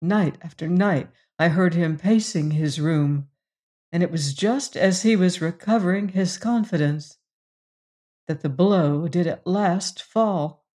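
A slow, measured audiobook reader. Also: mid-range voice, mellow. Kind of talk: scripted narration of a period story.

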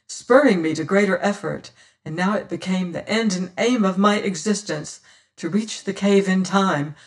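A narrator giving a dramatic first-person audiobook reading, swelling loud on exclamations and going hushed in quiet passages, recorded on a distant mic. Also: mid-range voice.

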